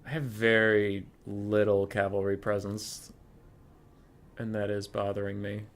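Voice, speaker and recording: A man's voice: on the low side, flat delivery, a little slow. A young man casually commentating his own strategy game stream, chatty and thinking aloud.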